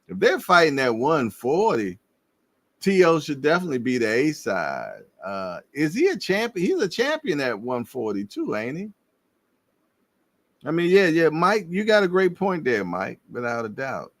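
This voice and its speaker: A man hosting a casual boxing livestream, slangy and animated, laughing and repeating himself as he reads viewer comments. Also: on the high side, normal speed, no room sound. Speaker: livestream host.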